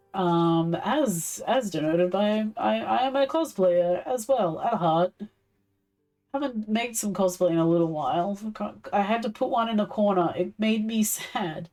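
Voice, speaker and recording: Young woman rambling slowly thru her craft stream, giggly, bit far from the mic, soft music under it. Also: medium pitch. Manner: chatty, giggly, talks while working. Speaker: streamer doing leathercraft. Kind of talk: casual live-stream chat.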